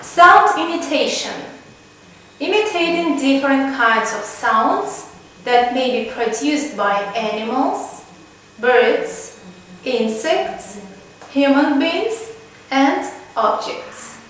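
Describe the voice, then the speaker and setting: A woman lecturer explaining word-building terms slowly and deliberately, from Kazakhstan, listing examples one by one. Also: high-pitched, expressive, a bit bright, a little hiss or hum. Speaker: university lecturer. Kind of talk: slow recorded lecture. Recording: echoey room, voice far from the mic.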